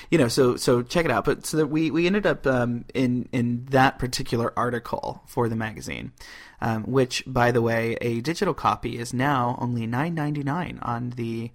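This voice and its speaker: A man from Ohio hosts a podcast in casual conversation. His voice sits at an ordinary middle pitch. He jokes, hesitates with frequent "um"s and slides into promoting his own work. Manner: loose, joking, many "um"s. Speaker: podcast host. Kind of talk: casual chat and plugs.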